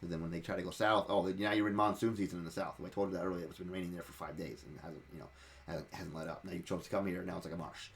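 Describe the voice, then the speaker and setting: Low-voiced, fast-talking man giving tabletop-game tips. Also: steady tone, gravelly. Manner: rambling, repeats words and restarts often. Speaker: dungeon master giving advice. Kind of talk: casual advice talk.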